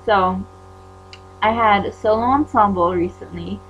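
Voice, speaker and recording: A teenage girl from Utah venting in a casual vlog, chatty and indignant, jumping into loud high-pitched bursts when she acts out quotes. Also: unhurried, soft background music. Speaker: vlogger. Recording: dull lo-fi webcam audio with faint mains hum.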